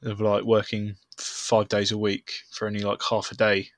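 A young man chats on a podcast, spinning a rude, self-mocking story. His voice sits low, with a bright, forceful edge. The sound is dry and close. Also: monotone, moderate pace, no echo. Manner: swearing storyteller, laughs at himself. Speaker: podcast co-host. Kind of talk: casual chat.

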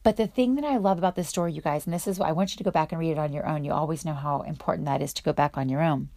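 Chatty woman teaching the Bible, mellow voice. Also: low-pitched, very fast, no echo, clean studio sound. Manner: chatty, filler-heavy, enthusiastic. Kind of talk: casual devotional teaching.

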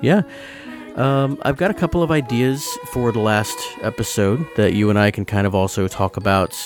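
A man hosting a podcast in casual chat, relaxed, laughing easily and using many fillers. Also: fairly low pitch, normal speed, music in the background. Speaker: podcast host.

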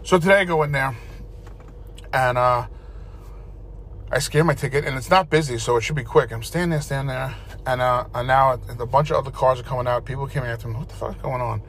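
A man's voice: mid-range voice, fairly quick, a bit bright. A man telling a rambling, profane story in casual chat as a podcast co-host, with faint noise behind him.

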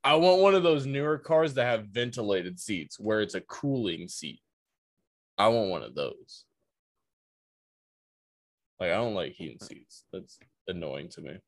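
A man's voice: on the low side, lively intonation, measured pace, pauses often, dry recording. A man co-hosting a podcast, talking bluntly and swearing in casual chat. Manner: blunt, profane. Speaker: podcast co-host.

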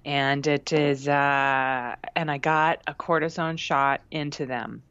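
A woman's voice: rumbling low, steady tone, takes it slowly, fairly bright tone, smooth, no echo. A woman co-hosting a podcast, telling a story in a candid, self-mocking, chatty way. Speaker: podcast co-host. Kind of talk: casual chat. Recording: dry, slightly dull recording.

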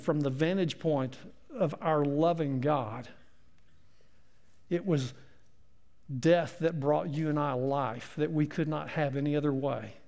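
High-voiced preacher in a reverberant hall. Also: male voice, vocal fry, a little mellow. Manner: emphatic preaching with rhetorical questions and dramatic pauses. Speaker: pastor. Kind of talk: sermon.

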